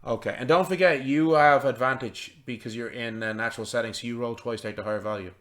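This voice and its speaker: A man's voice: mid-range voice, fast, a bit bright. A man narrating a tabletop game as game master, rambling with many fillers and restarts.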